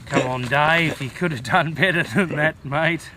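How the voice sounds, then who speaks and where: Australian male vlogger, slightly high voice, folksy and rambling, recorded outdoors with faint traffic hiss. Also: measured pace. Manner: folksy and rambling, with bush slang. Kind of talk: casual walking vlog. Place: outdoors in the bush by a road.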